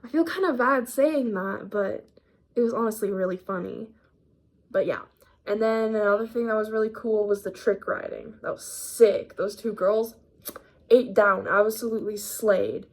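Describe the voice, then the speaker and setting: A mid-range female voice at normal speed comes from an eighteen-year-old vlogger. She casually rambles through her day in slang, mildly sick and coughing up phlegm.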